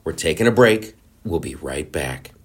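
A man's voice: extremely low pitch, expressive, normal speed. A male host rambling through a casual, sarcastic comedic monologue, with many restarts. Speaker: show host.

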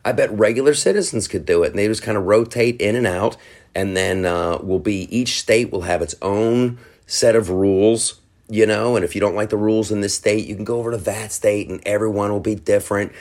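A man hosting a podcast, talking in a rambling, animated solo monologue with frequent restarts and quick mimicked quotes. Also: lowish voice. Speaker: podcast host.

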